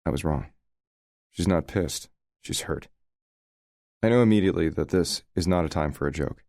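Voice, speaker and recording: Deep gravelly male audiobook narrator. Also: moderate pace, mellow, no room sound, clean studio sound. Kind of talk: first-person romance audiobook narration.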